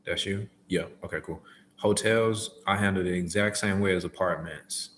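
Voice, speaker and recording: A man's voice: deep voice, fairly even intonation, normal speed, fairly bright tone, slight background noise. A man in casual livestream chat, laid-back and slangy, answering viewers' questions as a delivery driver. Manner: laid-back, slangy, acts out phone calls.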